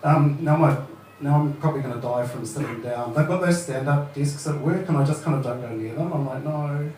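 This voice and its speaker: A man's voice: medium pitch, brisk, darkish tone, a little hiss or hum. A man in his thirties with a New Zealand accent, doing a casual, sweary stand-up set and laughing at his own jokes at an open mic. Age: 30s. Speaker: stand-up comedian. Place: open mic comedy venue. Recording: echoey room, heard from far off.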